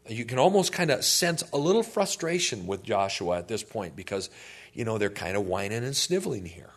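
A man's voice: on the low side, brisk. A male pastor teaching a sermon in a conversational way, often asking listeners questions. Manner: conversational, animated, asks the audience questions.

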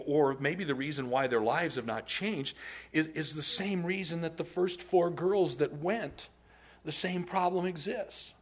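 A man preaching a sermon as a pastor, telling stories in an animated way and laughing often. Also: a little high.

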